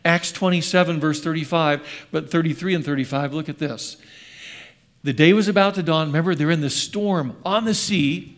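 An older male pastor preaches in church, slipping between fond family memories and questions to the congregation. His voice sits a little high for a man. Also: moderate pace, a bit bright. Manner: storytelling, quizzes the congregation. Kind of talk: sermon with personal stories.

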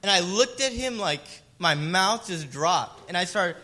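A man's voice: high voice, animated, unhurried, background noise. A man giving an emotional personal testimony, speaking earnestly and often checking in with the listener. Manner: emotional, earnest, tag questions.

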